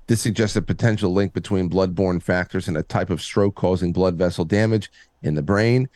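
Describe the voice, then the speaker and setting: A man co-hosting a podcast in casual chat, reading articles aloud with halting restarts. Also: deep voice, darkish tone, no echo, studio quality. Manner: halting, repeats words, reads articles aloud. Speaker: podcast co-host.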